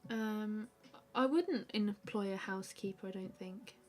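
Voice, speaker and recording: Woman, live-stream art host, relaxed rambling chat, mid-pitched voice. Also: a little slow. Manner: relaxed and chatty, many fillers, answers viewer questions. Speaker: artist hosting a live stream. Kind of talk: casual chat while drawing.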